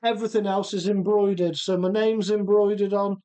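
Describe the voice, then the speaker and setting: A man's voice: sits high, little pitch movement, brisk, warm tone, smooth. A man hosting a live stream in his home workshop, chatting easygoing and laughing often as he reads out viewer comments. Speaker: host of a radio-controlled car live stream.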